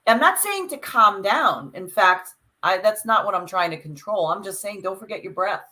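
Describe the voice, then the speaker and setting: A woman's voice: mid-range voice, expressive, normal speed, bright, forceful tone, low-quality recording. A woman co-hosting a podcast, reflecting aloud and talking things through in a casual chat. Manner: reflective, talks it through with restarts. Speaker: podcast co-host.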